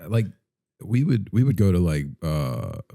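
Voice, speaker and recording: Low mellow guy, really animated pitch, blunt jokey podcast talk. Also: measured pace, vocal fry, no room sound, clean studio sound. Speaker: podcast co-host. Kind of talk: casual chat.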